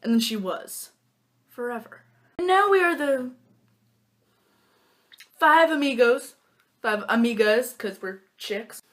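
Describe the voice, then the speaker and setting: A woman's voice: on the high side, expressive, slow pace, pauses often, fairly bright tone. A young woman casually telling stories to a phone camera, playful and jokey, acting out her friends' lines in silly voices. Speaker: vlogger. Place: small room lit by a lamp.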